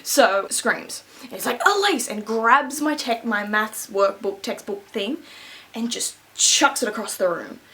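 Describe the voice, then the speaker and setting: A woman's voice: medium pitch, unhurried, bright, forceful tone. Chatty young woman telling a story. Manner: chatty, rambling, laughing between asides; keeps voice down so as not to wake someone. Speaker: beauty vlogger. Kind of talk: casual storytime.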